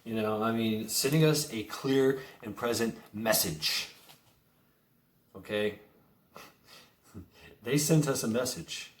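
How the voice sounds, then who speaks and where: A man's voice: mid-range voice, slow, long pauses. A man ranting in a casual monologue, swearing freely, repeating words as he stammers, and adding sarcastic chuckling asides. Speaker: vlogger. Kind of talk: profane casual monologue rant. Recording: echoey room.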